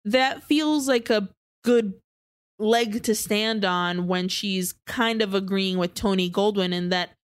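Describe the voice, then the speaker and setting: A woman co-hosting a podcast, casually recapping a film plot as an animated storyteller who swears freely. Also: medium pitch, slow, smooth, no echo, studio quality. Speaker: podcast co-host.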